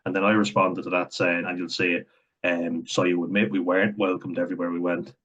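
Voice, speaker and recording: Young Irish commentator, blunt and sweary, low husky tone; lo-fi recording. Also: male voice, level tone, a little fast, a bit bright. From Ireland. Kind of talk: casual reaction commentary.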